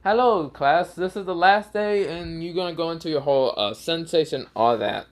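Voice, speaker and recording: A man's voice: fairly high pitch, moderate pace, pitched above the performer's own voice, lightly acted. A man voicing a flustered male ninja teacher in a fan-told story, cursing as he addresses the class. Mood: stern. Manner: swearing, panicky shouting.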